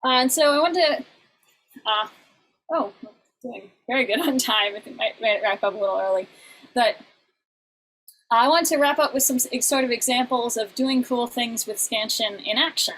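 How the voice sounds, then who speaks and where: Woman teacher, online lecture, chatty, lots of ums, slightly high pitch. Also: normal speed, long pauses, fairly bright tone, a little hiss or hum, low-quality recording. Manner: chatty, many fillers and restarts, sings short examples.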